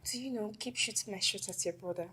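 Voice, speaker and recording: A woman's voice: medium pitch, quick pace, pushed and bright, natural voice. A woman playing a flirty, dramatic woman. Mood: playful. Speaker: friend.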